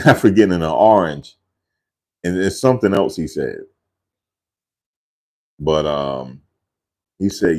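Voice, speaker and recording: Deep-voiced man telling a rambling story. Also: animated, a little slow, long pauses, darkish tone. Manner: rambling, slangy, repeats himself. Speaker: vlog host telling a family story. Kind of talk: casual storytelling.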